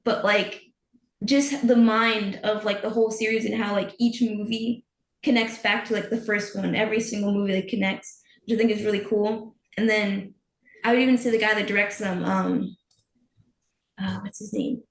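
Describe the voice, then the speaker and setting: A woman chatting on a podcast in a loose, giggly way. Her voice carries a gravelly fry. The sound is roomy and echoey. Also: medium pitch, fairly even intonation, moderate pace. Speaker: guest filmmaker. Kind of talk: casual podcast chat.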